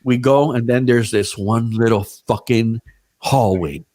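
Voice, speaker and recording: A man's voice: mid-range voice, unhurried, darkish tone. A man casually telling a story on a podcast, swearing freely and acting out what other people said.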